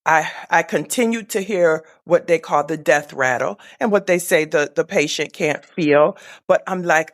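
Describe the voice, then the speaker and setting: A woman guest telling a deeply personal story, slowly and tenderly, with soft hushed moments and a reflective manner. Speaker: podcast guest.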